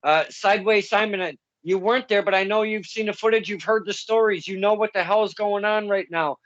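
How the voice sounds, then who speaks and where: A man hosting an interview, casually recapping events in quick fragments before asking questions. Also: high voice, fairly even intonation, a bit bright, dry recording, highs cut off. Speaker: podcast host.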